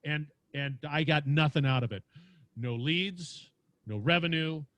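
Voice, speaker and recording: A man with a big booming voice telling stories animatedly as a podcast guest, acting out quotes as he talks. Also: measured pace, a bit bright. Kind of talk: lively storytelling interview. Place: home studio with lights.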